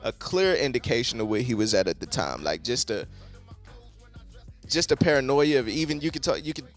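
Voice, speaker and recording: A man's voice: medium pitch, big pitch swings, fairly quick, soft background music. Loose, cursing man reviewing an album. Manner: loose, profane, heavy on "like". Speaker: music reviewer.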